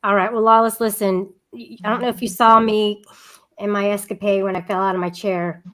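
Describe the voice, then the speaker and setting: A woman's voice: mid-range voice, little pitch movement, brisk, a bit bright. A woman hosting a casual livestream chat, talking in a rambling, giggly way with frequent restarts. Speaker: livestream host.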